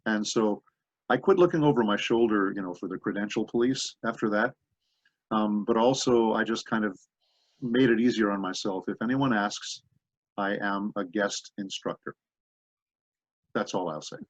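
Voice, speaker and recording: A man's voice: lowish voice, moderate pace, dry recording. A man voice actor in an interview, telling rambling anecdotes full of asides. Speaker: voice actor guest. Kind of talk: interview conversation. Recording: dull dry lo-fi audio.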